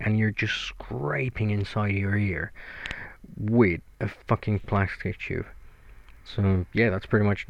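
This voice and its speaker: A man from Mexico with a Mexican accent, rambling through a solo podcast in a flat, sweary, self-mocking way. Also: lowish voice, no room sound, muffled recording. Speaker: podcast host.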